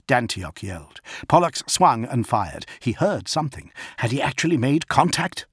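A man narrating an action audiobook in an intense, expressive way. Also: medium pitch, moderate pace, hardly any pauses, slightly rough, no echo, studio quality.

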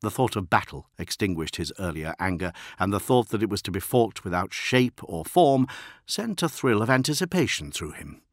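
A man giving a measured, dramatic scripted narration of an audiobook. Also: on the low side, big pitch swings, no room sound, studio quality.

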